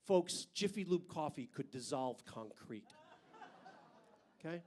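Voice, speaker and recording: Brash, high-voiced older male comic. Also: lively intonation, takes it slowly, dark tone. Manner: brash, profane, punchy delivery. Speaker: stand-up comedian. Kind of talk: stand-up comedy routine. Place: comedy club stage.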